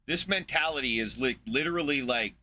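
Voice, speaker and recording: A man's voice: medium pitch, a little fast, bright, forceful tone, low-quality recording. A man hosting a live stream, ranting with heavy profanity and scorn as he reacts to a debate. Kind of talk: heated reaction commentary.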